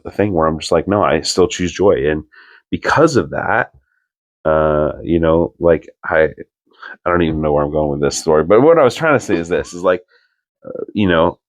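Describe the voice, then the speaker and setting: A young man with a very low voice talks casually as a podcast co-host. He tells his story earnestly, wandering through sentences packed with "like". The sound is dry and close, with no room around it. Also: no echo. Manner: rambling, full of "like" fillers, earnest.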